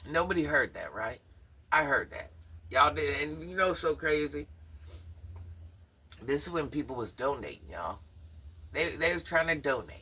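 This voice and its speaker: A man's voice: a little high, sing-song, normal speed, long pauses, pushed and bright, breathy edge, distant mic. A man giving incredulous, mocking drama commentary on a livestreamer, talking straight to his viewers.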